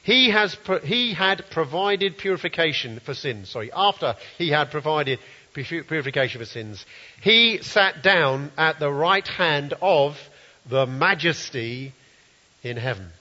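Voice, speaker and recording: Bright-voiced male preacher in a hall. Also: a little high, expressive, unhurried. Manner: earnest, reads scripture aloud and comments. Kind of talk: sermon. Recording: dull, roomy hall sound.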